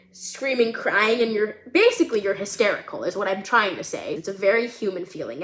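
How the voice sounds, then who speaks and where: A woman vlogger talking casually and emotionally about her screenplay, with lots of "like" fillers. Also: mid-range voice. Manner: emotional, animated, many fillers like "like". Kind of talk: casual chat. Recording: roomy echo.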